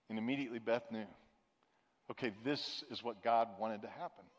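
A man preaching a sermon as pastor, telling a story in a relaxed, conversational way with emphatic repetition. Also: mid-range voice, normal speed, in a large hall.

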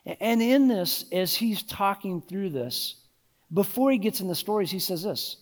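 High-voiced male pastor preaching. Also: expressive, normal speed. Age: adult, married. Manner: conversational preaching with frequent "you know" and restarts. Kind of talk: sermon.

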